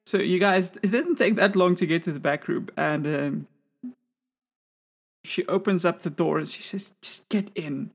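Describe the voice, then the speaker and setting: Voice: medium pitch, normal speed, creaky, husky. A game master describing scenes and calling for rolls in a tabletop game.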